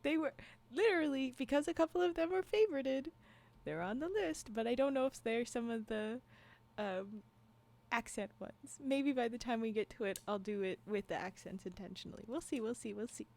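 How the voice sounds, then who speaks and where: A woman's voice: a little high, normal speed, vocal fry, darkish tone. A woman livestreamer chatting casually with her viewers, rambling through asides and laughing often. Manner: frequent restarts and trailing asides. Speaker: livestream storyteller. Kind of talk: casual chat with live viewers.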